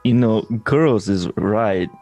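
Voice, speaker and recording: A man putting on a gruff, deep party companion. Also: unhurried, mellow, faint music behind. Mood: blunt.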